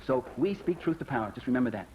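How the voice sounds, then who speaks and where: A man giving a lecture to an audience in a hall, telling stories in an animated, emphatic way, then taking questions. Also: mid-range voice, fast. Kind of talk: public speech with questions. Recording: dull lo-fi recording with faint hiss.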